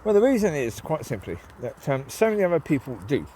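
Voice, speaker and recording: A man's nasal voice runs high and warm, swinging widely in pitch as he talks fast during a walk with his dogs in the woods. The casual walk-and-talk monologue rambles, with many ums and calls to the dogs, and a little hiss or hum underneath.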